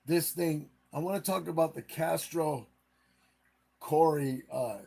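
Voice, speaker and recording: A man's voice: fairly high pitch, measured pace, vocal fry, warm tone. A man hosting a live stream, casually retelling a case in a rambling way and acting out the quotes.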